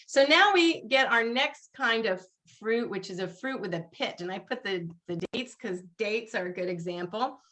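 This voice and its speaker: A woman's voice: medium pitch, pushed and bright. A woman rabbi leading a seder over a video call, chatty and laughing often, chanting Hebrew blessings.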